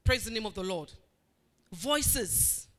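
A woman with a medium-pitched voice and lively intonation preaches slowly. She asks her congregation questions and answers them, repeating phrases emphatically in a call-and-response manner.

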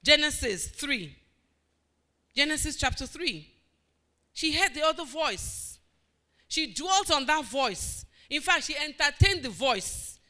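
Bright high-voiced woman preaching a sermon. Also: expressive, slow pace, pauses often. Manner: emphatic, repeating phrases with call-and-response.

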